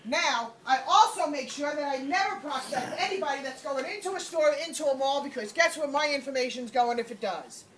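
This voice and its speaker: A woman network marketing trainer giving a lively motivational talk on stage, acting out little scenes and laughing as she goes. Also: sits high, a little fast, few pauses. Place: event room on a cruise ship. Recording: roomy, from far off, light background noise.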